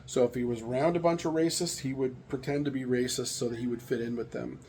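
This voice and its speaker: A middle-aged American man talks in a loose, rambling way, full of fillers and restarts. His voice has a gravelly texture, with a faint hiss of noise behind it. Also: mid-range voice, fairly even intonation, fast talker, darkish tone. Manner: rambling, candid storytelling with frequent fillers. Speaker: vlogger sharing opinions. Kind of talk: casual monologue.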